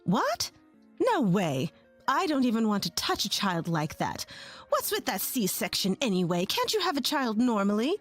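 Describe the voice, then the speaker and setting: A woman's voice: fairly high pitch, wildly swooping pitch, normal speed, soft background music. A woman voicing a harsh, scornful older mother-in-law who scolds and sneers.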